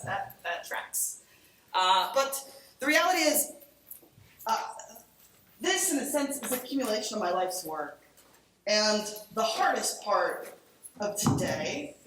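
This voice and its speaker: A woman from Cleveland giving an energetic, chatty conference talk on a lapel mic in a large lecture hall. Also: medium pitch, slight background noise. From Cleveland, Ohio. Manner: animated, chatty, acts out quoted friends. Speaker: conference speaker. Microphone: collar lapel mic. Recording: very echoey hall, distant mic.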